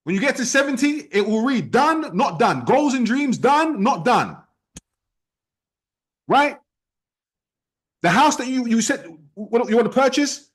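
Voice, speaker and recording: A man leading an online sales team training, talking in a forceful, repetitive, challenging way. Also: extremely high pitch, lively intonation, unhurried, long pauses, breathy edge. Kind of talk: motivational training talk.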